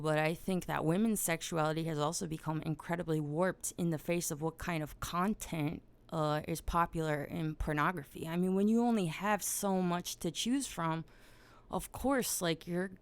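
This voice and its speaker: A woman's voice: on the low side, clean tone, dry recording. A woman hosting a podcast, giving a casual, blunt monologue full of swearing. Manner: blunt and profane, grows loud and heated. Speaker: podcast host.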